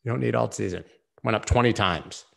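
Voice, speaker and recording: A low-voiced man talking through charts on a live stream, loose and jokey. He wanders off into quick asides, then drifts back to the chart in front of him. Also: gravelly. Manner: joking, rambling, quick asides.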